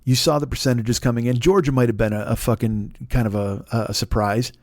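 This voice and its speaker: A man in his forties hosting a solo comedy podcast, ranting in a profane, exasperated, animated way. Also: mid-range voice, fairly quick, dry recording, clean studio sound. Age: 40s.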